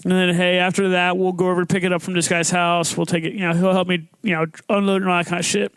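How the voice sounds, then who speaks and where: A young man hosting a podcast, telling a story in a casual, profane, animated way, acting out quotes. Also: high voice, fast, smooth. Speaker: podcast host.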